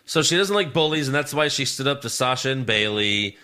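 A man's voice: medium pitch, lively intonation, brisk, pushed and bright. A man hosting a podcast, recapping wrestling in loose casual chat, rambling with laughs and casual swearing. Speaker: podcast host.

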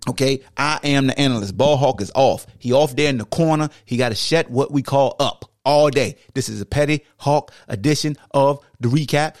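A man's voice: medium pitch, moderate pace, few pauses, no room sound, clean studio sound, natural voice. A man voicing his own brash, petty alter ego in a comic sports podcast skit, mocking and interrupting.

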